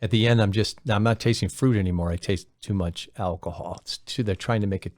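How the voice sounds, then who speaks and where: A middle-aged man explaining wine in a measured, step-by-step casual talk. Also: lowish voice, darkish tone, no echo. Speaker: wine expert co-host.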